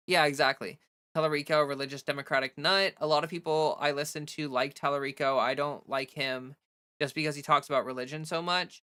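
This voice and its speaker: Her deep voice moves fairly quickly as she livestreams, ranting and responding to chat. She's animated, restarts often, and fills her talk with "like."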